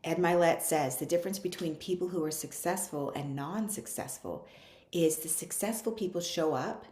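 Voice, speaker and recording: Woman coach, lowish voice, earnest and chatty, echoey room. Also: moderate pace, darkish tone. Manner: earnest, conversational, acts out listeners' objections. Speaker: speaker on a coaching call. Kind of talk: motivational talk.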